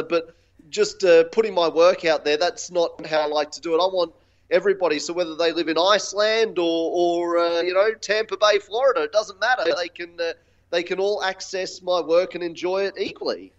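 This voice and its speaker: A man from Australia, a guest in a casual interview, talking in a halting way with many fillers and restarts. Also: on the high side, highs cut off.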